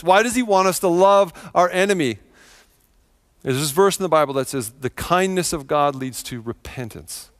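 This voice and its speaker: A man's voice: high-pitched, fairly bright tone, no echo, studio quality. A middle-aged man preaching a sermon to his church, earnest and emphatic, repeating phrases for effect. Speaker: pastor. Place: church sanctuary.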